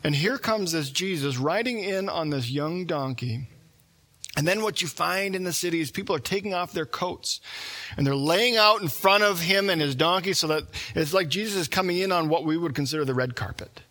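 A man's voice: fairly high pitch, moderate pace, sharp tone. A man preaching a sermon in a conversational storytelling way, acting out the voices of the people in the story. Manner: conversational, acts out quoted voices.

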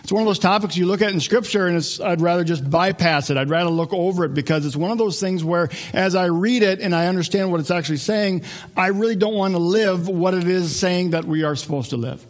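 A pastor preaching in a loose, joking, conversational way, with frequent restarts as he works toward his point. His voice sits slightly high for a man. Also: a little fast. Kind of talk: sermon.

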